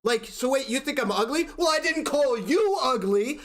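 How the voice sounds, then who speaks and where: A man's voice: extremely high pitch, lively intonation, normal speed, few pauses. A man streaming live, ranting in an exasperated, profane way, often restarting his sentences. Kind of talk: heated livestream rant.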